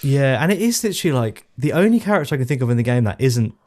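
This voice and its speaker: A man co-hosting a casual game-review podcast, telling stories in an animated, exasperated way. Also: mid-range voice, rapid-fire. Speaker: podcast co-host. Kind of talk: casual chat.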